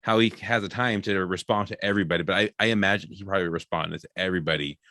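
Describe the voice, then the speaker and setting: Fast-talking low-voiced podcast host. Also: male voice, pushed and bright, dry recording, clean studio sound. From American Midwest. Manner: enthusiastic, rambling, many fillers. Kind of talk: casual interview chat.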